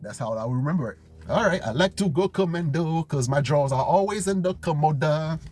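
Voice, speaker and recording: A man studying vocabulary out loud, thinking aloud, repeating words and making up memory tricks in a casual chat. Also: on the high side, expressive, brisk, a little hiss or hum. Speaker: language learner streaming his study session.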